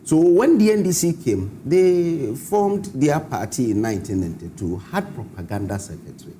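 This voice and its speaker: A man with a Ghanaian English accent arguing his case in a panel debate, lecturing in a lively way. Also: mid-range voice, moderate pace, a little hiss or hum. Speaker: party communicator.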